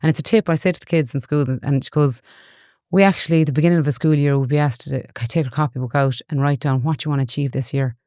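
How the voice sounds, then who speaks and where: A woman's voice: deep voice, steady tone, fast, dark tone, no room sound, clean studio sound. A woman in her forties with a Galway Irish accent, a guest in an interview who tells stories in an earnest, chatty way. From Ireland. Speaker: guest, online safety educator. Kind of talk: casual interview chat.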